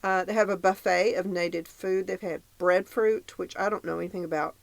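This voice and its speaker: A woman's voice: fairly low pitch, fairly even intonation, brisk, creaky, no echo. A woman co-hosting a podcast, recapping a dating show in casual chat, reading out her notes and laughing often. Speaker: podcast co-host.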